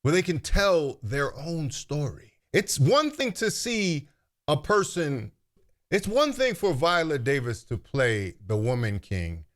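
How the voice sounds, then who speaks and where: A man's voice: medium pitch, a bit bright. A man hosting commentary, making a pointed, rhetorical argument. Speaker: commentary host.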